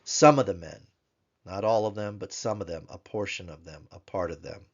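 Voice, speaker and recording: A man teaching a grammar lesson in a recorded tutorial, explaining slowly and repeating words so learners can pronounce them. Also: low-pitched, muffled recording. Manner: slow, careful, repeats Hebrew words to drill pronunciation.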